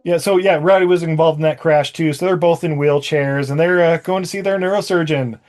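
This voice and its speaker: A man's voice: a little high, steady tone, a little fast, darkish tone. A man co-hosting a podcast, chatting about a movie in a jokey way and laughing often. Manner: jokey, laughs often, bursts into mock voices. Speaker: podcast co-host. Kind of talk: casual comedic movie chat.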